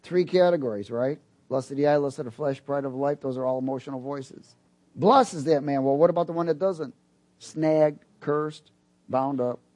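A man preaching a sermon, animated and building to loud emphatic peaks, acting out quoted dialogue along the way. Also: on the high side, moderate pace. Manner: acts out quoted dialogue in other voices. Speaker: pastor.

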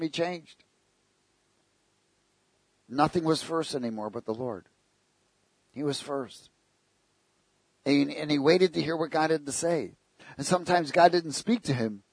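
Husky male preacher, storytelling. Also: on the high side, dry recording. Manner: storytelling with jokes and rhetorical questions. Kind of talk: sermon.

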